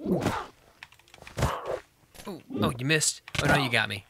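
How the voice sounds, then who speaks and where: A man's voice: on the high side, normal speed, gravelly, pauses often, very noisy. A man hosting a Let's Play, giving upbeat, chatty gameplay commentary and talking directly to viewers.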